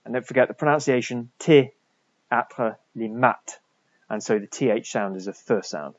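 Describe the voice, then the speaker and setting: A man, a French teacher, talking through a recorded lesson for pupils and slowly repeating French words for them to copy. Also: medium pitch, no room sound, dull audio.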